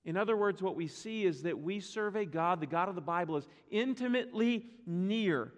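High-voiced pastor preaching in a reverberant church. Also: male voice, animated, normal speed. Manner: conversational preaching with playful asides. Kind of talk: sermon. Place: church sanctuary. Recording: long reverb of a church hall.

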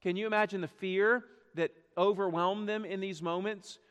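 Earnest high-voiced preacher in a reverberant hall. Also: male voice, fairly even intonation, moderate pace, a bit bright, clear, resonant tone, dull audio. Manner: earnest, swells and drops, rhetorical questions. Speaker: pastor. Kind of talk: sermon.

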